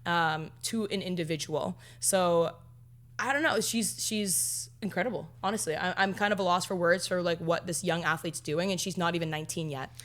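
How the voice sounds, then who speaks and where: A young woman who plays pro sport, co-hosting a podcast in a relaxed casual chat with many "um"s and "yeah"s. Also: fairly low pitch, moderate pace. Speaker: podcast co-host, pro athlete.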